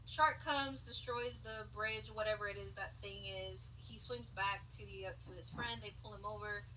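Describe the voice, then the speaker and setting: Bright-voiced woman retelling a film. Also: mid-range voice, moderate pace. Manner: animated, laughing retelling of scenes. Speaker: podcast co-host. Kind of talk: casual movie recap chat. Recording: distant mic with faint background hiss.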